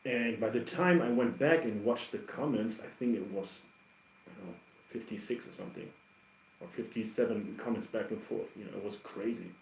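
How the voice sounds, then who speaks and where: A man's voice: fairly low pitch, a little fast, a little hiss or hum. Rambling man chatting on a roomy stream. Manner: rambling, animated storyteller with many restarts. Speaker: livestream host reacting to music. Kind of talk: casual livestream chat answering comments. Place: home. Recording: roomy, somewhat dull stream audio.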